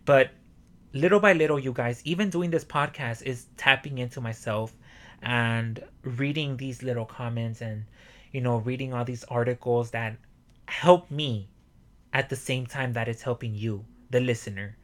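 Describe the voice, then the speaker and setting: A young man hosting a motivational podcast alone, swearing a lot and breaking into loud yelling. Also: medium pitch, normal speed. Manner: profane, animated, bursts into yelling. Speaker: podcast host.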